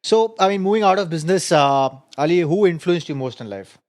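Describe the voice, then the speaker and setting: A man hosts a business podcast interview, his voice sitting a little higher than most men's. He asks his questions with a lift and backs the guest up with short replies. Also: brisk. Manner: brief acknowledgements, lively questions.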